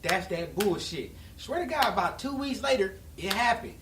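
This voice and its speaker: A man, a podcast guest, telling stories in a casual, animated way and often breaking into laughs. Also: sits high, moderate pace, background noise. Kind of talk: casual storytelling. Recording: roomy, distant mic with faint ambience.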